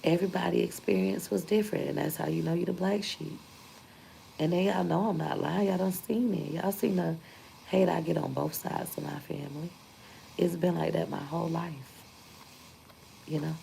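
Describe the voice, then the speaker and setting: A young vlogger tells her story to viewers candidly and emphatically, repeating points for force in a casual video. Her lowish, warm voice has vocal fry and a steady tone at normal speed, and the low-quality recording carries a little hiss or hum.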